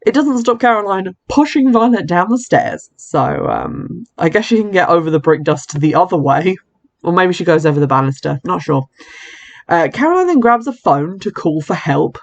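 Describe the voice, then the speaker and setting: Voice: medium pitch, very animated, moderate pace, creaky. A podcast host casually recapping a horror film, chatty, with wry asides and frequent self-corrections.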